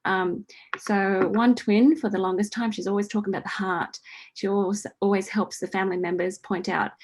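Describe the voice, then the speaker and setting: Woman, forties, friendly coach answering a listener, chatty with a steady "right?". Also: medium pitch, a little fast. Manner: chatty, repeats "right?" often, laughs lightly. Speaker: host answering a listener's question. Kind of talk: casual spiritual coaching talk.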